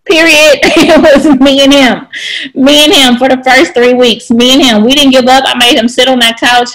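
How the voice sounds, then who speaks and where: Woman, slightly high voice, emphatic motivational coaching, chatty. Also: poor audio. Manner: emphatic, chatty, answers questions. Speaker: team leader.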